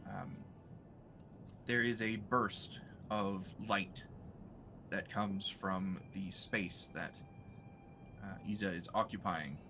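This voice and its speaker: A man narrating as game master of a tabletop game, speaking in a relaxed, halting way with fillers. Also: low voice, noisy background. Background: music.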